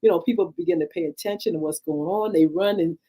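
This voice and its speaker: Animated woman radio host, mellow voice. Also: lowish voice, fast, poor audio. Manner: animated, laughs often, sings playful jingles. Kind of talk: casual chat.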